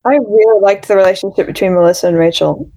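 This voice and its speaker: A woman's voice: mid-range voice, quick pace, warm tone, low-quality recording. Eager woman chatting about a book. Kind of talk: casual discussion.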